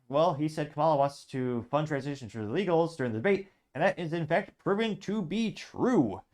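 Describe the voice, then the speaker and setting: A man hosts a casual commentary show at a medium pitch. He reads viewer comments aloud and riffs on them with a dry, sarcastic edge, in a loose, conversational way. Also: darkish tone. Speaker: show host.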